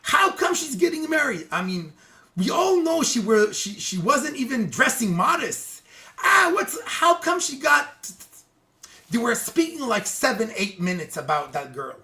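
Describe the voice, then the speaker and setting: Lively preacher type telling a moral tale, swoops up and down a lot, keeps saying guys, stumbles and repeats words. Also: medium pitch. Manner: lively, acts out quotes, keeps addressing listeners as guys; halting restarts and repeated words. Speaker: religious teacher. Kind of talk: animated moral storytelling.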